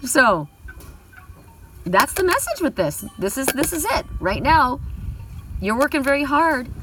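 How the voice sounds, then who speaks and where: A woman's voice: sits high, sing-song, a little slow, recorded from a distance, music in the background, low-quality recording. A middle-aged woman giving a casual oracle card reading, chatty, often laughing, whooping and swearing.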